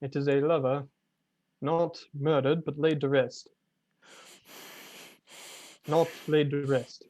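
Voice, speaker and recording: A man's voice: a little high, little pitch movement, slow pace, long pauses, darkish tone. A man playing a tabletop game, joking in a wry manner. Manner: jokey and wry. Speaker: player. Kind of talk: casual tabletop game play.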